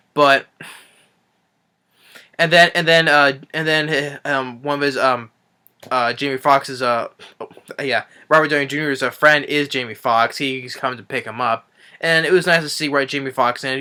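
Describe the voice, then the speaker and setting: A man's voice: medium pitch, sharp tone, smooth. A man recapping a movie in a casual review, rambling with frequent restarts and swearing.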